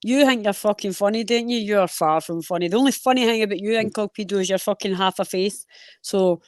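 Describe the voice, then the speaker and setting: A Scottish woman holds forth on a live stream panel, racing through her stories and swearing as she goes. Her voice sits mid-pitch, and the sound is dry and close. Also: dry recording. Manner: fast, sweary, animated storytelling. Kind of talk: casual live-stream chat.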